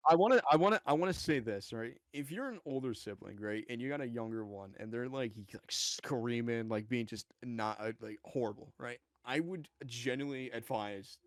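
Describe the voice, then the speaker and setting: A man's voice: medium pitch, moderate pace, few pauses, no echo. A teenage man co-hosting a casual podcast, talking bluntly and exaggerating, with frequent laughter. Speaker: podcast co-host. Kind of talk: casual chat.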